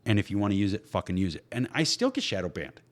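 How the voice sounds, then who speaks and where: A man's voice: lowish voice, wildly swooping pitch, fast. A man talking bluntly on a casual podcast, heated and swearing constantly. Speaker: podcast host. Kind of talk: casual profane podcast talk.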